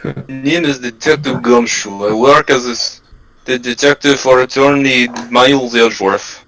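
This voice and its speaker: Brief: man reading a bumbling detective, mid pitch, halting, plain voice. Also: a bit bright, faint music behind, natural voice, low-quality recording. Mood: earnest. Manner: hesitant, restarting line reading. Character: loyal bumbling male police detective. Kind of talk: amateur voice acting read-through.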